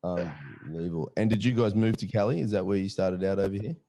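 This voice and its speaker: Low, mellow-voiced man hosting a podcast. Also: fast talker, dry recording. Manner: brief back-channel replies, asks questions. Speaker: podcast host. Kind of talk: casual podcast chat.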